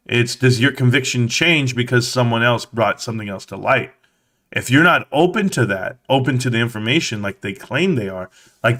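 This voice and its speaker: A man's voice: medium pitch, fairly bright tone. A man in his thirties hosting a casual stock market livestream, reading chat aloud in a blunt, mocking way, swearing and laughing often, a little tired. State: tired, yawning.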